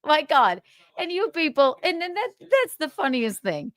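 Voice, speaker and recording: A woman's voice: extremely high pitch, very animated, moderate pace, no echo. A woman hosting a livestream, ranting in a sarcastic, profane way and laughing between jabs. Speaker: livestream host.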